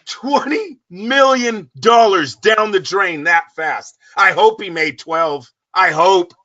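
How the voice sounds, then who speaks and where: A very high-pitched man with a sharp, intensely bright tone holds the floor on a boxing talk show. He rants loudly and swears freely, firing off heated questions at his co-host and listeners. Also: takes it slowly, lo-fi sound. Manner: loud, profane, ranting. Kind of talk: heated sports talk rant.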